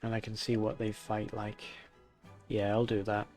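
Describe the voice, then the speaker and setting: A man streaming a game, thinking aloud in a low-key, casual way. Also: monotone, moderate pace, darkish tone, faint music behind.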